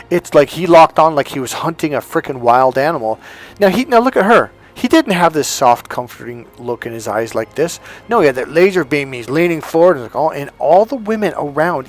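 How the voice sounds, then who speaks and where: A man giving an emphatic coaching talk on dating, telling anecdotes and acting out the quotes. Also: on the high side. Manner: emphatic, storytelling, acts out quotes.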